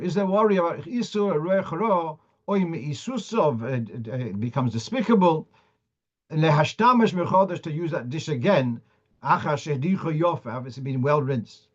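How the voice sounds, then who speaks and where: A man's voice: fairly high pitch, animated, normal speed. A man, a rabbi, giving a Torah law lecture, reading Hebrew and Aramaic sources aloud and explaining them in English with frequent restarts. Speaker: rabbi teaching a weekly Torah class. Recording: dull lo-fi sound.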